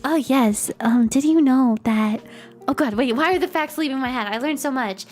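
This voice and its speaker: A woman's voice: high-pitched, moderate pace, darkish tone, faint music behind. A young woman hosting a casual livestream chat, bubbly and giggly, with a playful way of talking. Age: young adult. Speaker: streamer host.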